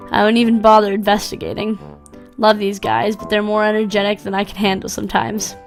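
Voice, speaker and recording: A woman's voice: medium pitch, little pitch movement, fairly quick, soft background music. A woman hosting a gameplay video, chatting casually with fillers and reading a story aloud. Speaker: game video host.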